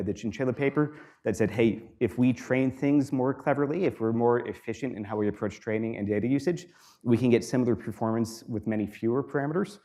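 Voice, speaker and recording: A man giving a university guest lecture in a relaxed, explanatory way, with frequent fillers, repeating students' questions aloud. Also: lowish voice. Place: lecture hall.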